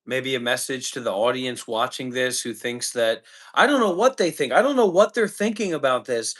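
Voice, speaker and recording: A man's voice: mid-range voice, animated, moderate pace, a bit bright. A man live streaming, talking bluntly and lecturing the person he addresses.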